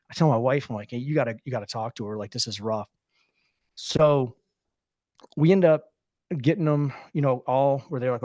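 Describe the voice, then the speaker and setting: A man's voice: medium pitch, a little mellow, dry recording. Candid man telling a story, dry close mic. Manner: candid, conversational, peppered with "dude". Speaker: podcast co-host. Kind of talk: casual storytelling.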